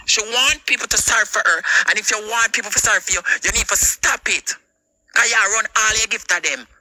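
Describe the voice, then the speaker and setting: A woman's voice: mid-range voice, fairly quick, bright, forceful tone, dry recording, low-quality recording. A Jamaican woman on a livestream, confronting someone in a heated, repetitive rant full of swearing.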